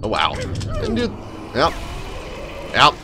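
A man comments on his game with sarcasm, profanity and laughter. His pitch swings widely from one line to the next. Steady game noise runs behind him. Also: slow pace. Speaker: gameplay commentator. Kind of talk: casual let's play commentary.

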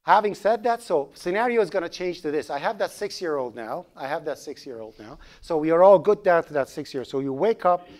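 A man with a Persian accent lecturing a classroom on programming. He jumps up and down in pitch as he jokes and quizzes his students, with a lively, conversational delivery. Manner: animated, joking, asks the class questions. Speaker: programming instructor.

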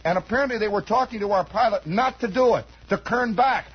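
Brief: American male radio host in his forties, a high raspy voice, meandering yarn-spinning monologue, lo-fi vintage broadcast. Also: a little fast. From United States. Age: 40s. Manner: meandering, wry, with many asides. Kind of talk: rambling improvised radio monologue. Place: radio studio. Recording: dull lo-fi 1960s radio recording.

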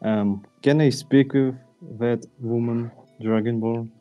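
A man playing a tabletop game, speaking slowly and politely. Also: medium pitch, fairly even intonation, mellow, soft background music. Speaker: player. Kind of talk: casual tabletop play.

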